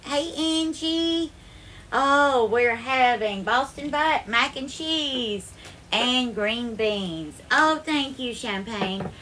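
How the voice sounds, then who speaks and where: A woman's voice: on the high side, fairly bright tone, a little hiss or hum. Bubbly Southern woman hosting a cooking livestream. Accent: Southern US (Alabama). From Alabama, US. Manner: effusive, calls viewers darling, bubbly sing-song greetings. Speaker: home cooking livestream host. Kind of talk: casual live cooking chat, greeting viewers. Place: home kitchen.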